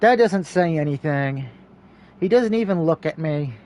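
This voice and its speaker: A man with a high, light voice reads a story game aloud for his viewers. He keeps a steady reading pace, then slips into quick, jokey asides of his own before going back to the text.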